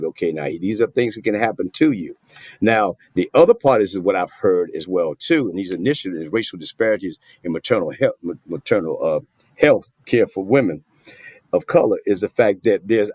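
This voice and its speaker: A man's voice: deep voice, darkish tone, dry recording. A middle-aged man, a doctor, speaking earnestly and emphatically as a guest in an interview. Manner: earnest, emphatic, plain-spoken. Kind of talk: interview conversation.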